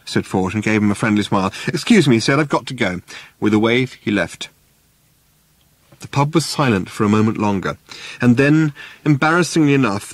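A man reading an audiobook aloud in a measured, dry storytelling manner. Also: mid-range voice, no echo. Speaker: narrator. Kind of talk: audiobook narration.

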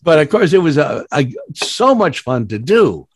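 Give me an animated man spinning rambling anecdotes, dry close sound. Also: fairly high pitch, normal speed, no echo. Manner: rambling, many fillers and restarts; animated, laughs at his own stories. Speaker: voice actor guest. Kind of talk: storytelling interview anecdotes.

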